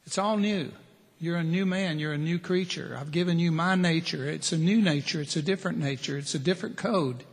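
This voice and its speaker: A man's voice: a little high, a little fast, in a large hall. A middle-aged man preaching a plain-spoken sermon to men, listing his points one by one. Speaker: preacher at a men's ministry.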